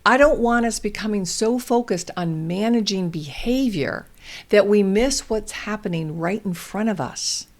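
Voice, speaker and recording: A woman hosting a parenting show, giving calm, deliberate instructional advice to parents. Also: medium pitch. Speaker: parenting host.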